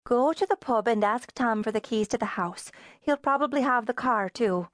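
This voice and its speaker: A woman's voice: a little high, normal speed, fairly bright tone, no room sound, clean studio sound, lightly acted. A woman voicing a breezy, unflappable friend on the phone. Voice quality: teasing, matter-of-fact.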